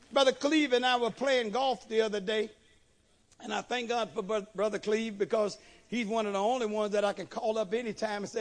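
A man's voice: extremely high pitch, a little fast. A man, a bishop, preaching a sermon with emphatic delivery and frequent amens.

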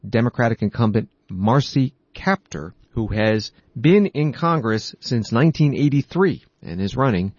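A man reading scripted news narration in a measured, even way. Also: mid-range voice, breathy edge, no echo, lo-fi sound. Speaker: news anchor.

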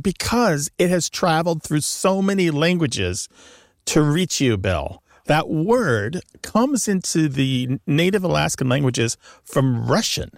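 A man's voice: fairly high pitch, dry recording, studio quality. A man co-hosting a call-in radio show about language, explaining with enthusiasm.

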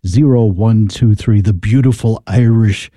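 Dark-voiced American radio host. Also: male voice, on the low side, measured pace, no echo, studio quality. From United States. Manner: rambling, warm enthusiasm with fillers. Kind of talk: pledge drive chat.

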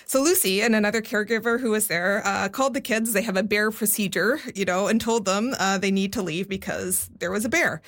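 A woman's voice: mid-range voice, a little fast, few pauses, fairly bright tone. A woman giving a conversational radio news report, explaining things step by step with frequent fillers.

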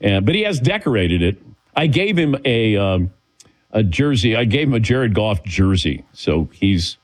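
A man hosting a sports radio show in easy, casual banter. His voice sits low but swings widely, and he laughs often as he calls on his co-hosts. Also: big pitch swings, measured pace, poor audio. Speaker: sports talk show host.

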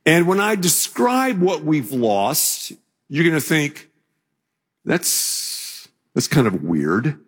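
An older man preaching a sermon as pastor, telling a story in a relaxed conversational way before building to emphatic declarations. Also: on the high side, breathy edge, long reverb tail.

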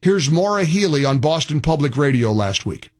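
A man's voice: on the high side, big pitch swings, moderate pace, a little mellow. A male radio talk show host who mocks and argues with callers, talking over them in a combative call-in style. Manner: mocking, argumentative, talks over callers.

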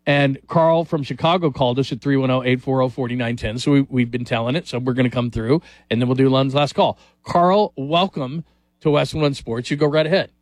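A man hosting a sports talk radio show, energetic and rambling. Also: mid-range voice, a little fast, no echo.

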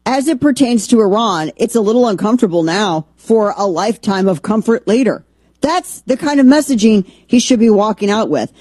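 A woman's voice: mid-range voice, expressive, normal speed, darkish tone, no echo. A middle-aged woman hosting a political talk radio show, combative and sarcastic in her monologue.

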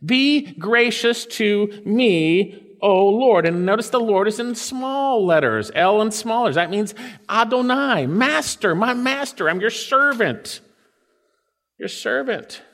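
A pastor preaching a sermon, swinging between loud and soft and slowing down to stretch out quoted scripture. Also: male voice, very high-pitched, expressive, big-room sound.

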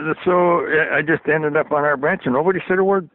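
A man's voice: fairly high pitch, steady tone, fast, few pauses, a bit bright, dry recording. An older man, a former hockey trainer, telling a story as a guest, often chuckling and repeating words. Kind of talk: casual storytelling. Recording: tinny phone line, dry.

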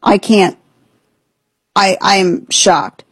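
A woman's voice: mid-range voice, very slow, slightly rough, dry recording. A woman hosting a political commentary show, talking in an indignant, sarcastic, emphatic way. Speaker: host.

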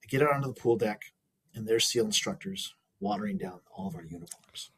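A man with a very husky, breathy voice recounts a hard experience in an interview. He talks in an earnest, reflective way, often restarting his phrases. His pitch sits in an ordinary middle range. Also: big pitch swings, a little fast, fairly bright tone, rough recording. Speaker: interview guest. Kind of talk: personal storytelling in an interview.

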